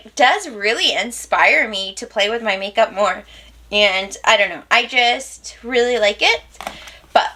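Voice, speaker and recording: A woman's voice: on the high side, pushed and bright, a little hiss or hum. A woman chatting casually to camera at home as a makeup vlogger, rambling and giggly. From United States.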